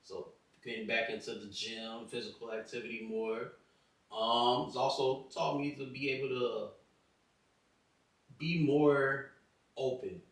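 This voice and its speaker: A man's voice: mid-range voice, fairly even intonation, a little slow, very echoey, far from the mic. A man co-hosting a casual chat with his wife, speaking in a laid-back, playful way. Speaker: podcast co-host.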